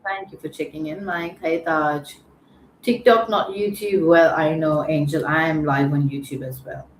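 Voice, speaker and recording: This time the host's voice sits low and steady at a normal pace as she greets her livestream viewers by name and teases them in casual chat. The recording has room echo and faint background noise.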